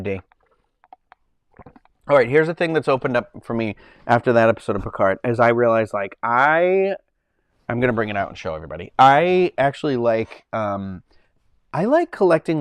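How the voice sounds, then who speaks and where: A man hosts a relaxed livestream, rambling along with plenty of fillers and restarts. His mid-pitched voice swings up and down a lot as he talks. The sound is dry and close, with no room echo. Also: smooth. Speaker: livestream host. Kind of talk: casual live chat.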